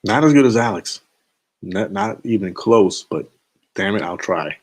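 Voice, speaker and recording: A young man hosts a casual live stream late at night, speaking unhurriedly in a fairly low, animated voice. He's laid-back and slangy, rambling and chuckling to himself.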